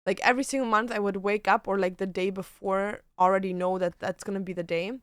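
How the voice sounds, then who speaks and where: A young woman who grew up speaking German, streaming, talking in a halting casual way full of fillers and restarts. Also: mid-range voice, steady tone, smooth, dry recording, clean studio sound. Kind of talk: casual livestream chat.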